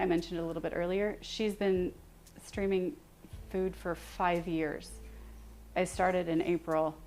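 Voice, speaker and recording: A young woman hosting a cooking livestream from her home kitchen, chatting casually with viewers, self-deprecating and quick to laugh. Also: on the low side, a little hiss or hum. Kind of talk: casual chat with live viewers while cooking.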